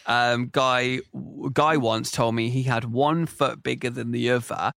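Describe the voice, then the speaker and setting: A man's voice: medium pitch, fairly even intonation, a little slow, gravelly, fairly bright tone, no echo, studio quality. A young man co-hosting a podcast, telling dating stories with self-deprecating jokes in casual chat. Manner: self-deprecating, jokey, laughs at his own stories. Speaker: podcast co-host.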